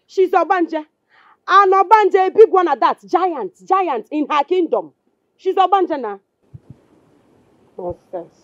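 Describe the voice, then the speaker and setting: An actress playing a scornful, jealous wife with a Nigerian accent, mocking and dismissive. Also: female voice, very high-pitched, lively intonation, takes it slowly, pauses often, no echo, highs cut off, exaggerated voice. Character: scornful jealous wife, sharp-tongued, suspicious. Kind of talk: Nollywood film acting.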